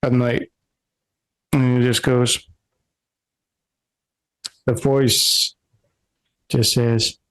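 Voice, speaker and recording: A man's voice: medium pitch, flat delivery, very slow, pauses often, fairly bright tone, clear, resonant tone, poor audio. A man running a tabletop game as game master, narrating scenes in a rambling way and correcting himself often.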